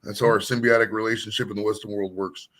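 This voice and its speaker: A man's voice: lowish voice, little pitch movement, quick pace, fairly bright tone. An American man chatting casually on a stream, rambling and swearing freely as he tells stories. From United States. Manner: profane, rambling, emphatic. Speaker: painting stream host. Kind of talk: casual chat.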